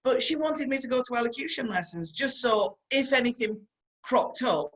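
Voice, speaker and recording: A woman's voice: on the high side, moderate pace, a bit bright, slightly rough, poor audio. A middle-aged woman with a Yorkshire accent, a stunt performer giving a storytelling motivational talk, chatty and earnest, who repeats her advice and speaks straight to her listeners.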